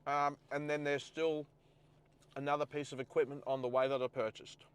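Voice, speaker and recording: A man's voice: on the high side, level tone, normal speed, clean tone. An Australian man hosting a casual live stream from his car, chatting and thinking aloud as he sets things up. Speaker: host.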